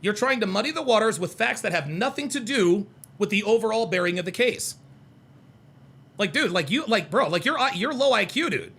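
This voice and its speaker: A man's voice: sits high, animated, brisk, fairly bright tone, breathy edge. A man hosting a heated livestream, reading out chat comments and arguing with them in a combative, mocking way, repeating his points.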